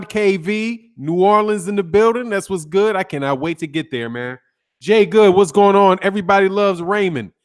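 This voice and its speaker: A man hosting a casual boxing live stream, greeting viewers by name in a laid-back way and ending most lines with "man.". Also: sits high. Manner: laid-back, says "man" constantly, shouting out names. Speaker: boxing YouTube host.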